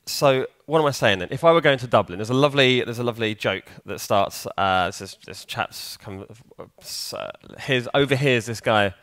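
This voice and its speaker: Speaking at normal speed with few pauses, a man on a conference hall stage gives a loose, chatty talk, quizzing the crowd and answering his own questions. His everyday middle-pitched voice is a bit bright, and the audio is dry and close with almost no echo.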